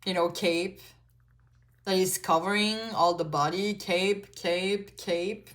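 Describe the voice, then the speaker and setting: In this pick-a-card tarot reading, the reader speaks slowly on the low side, with fairly even intonation and a fairly bright tone. French is her first language, and she's casual and chatty, leaning on "like" and "you know" and cursing frequently.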